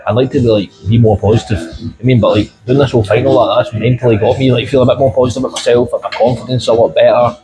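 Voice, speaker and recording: Rambling man, fast talker. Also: medium pitch, fairly even intonation, poor audio. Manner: rambling, filler-heavy, earnest. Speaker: guest. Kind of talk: casual heart-to-heart chat. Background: music.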